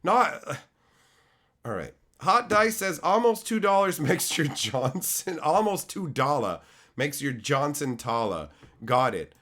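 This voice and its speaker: A middle-aged man live-streaming, who is sick and losing his voice, loudly and profanely mock-insulting his chat. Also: a little high, sing-song, unhurried. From Canada. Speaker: card-opening streamer.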